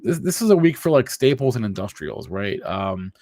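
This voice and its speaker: Laid-back, halting male co-host. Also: lowish voice, sing-song, a little mellow, no echo, studio quality. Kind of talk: casual market chat.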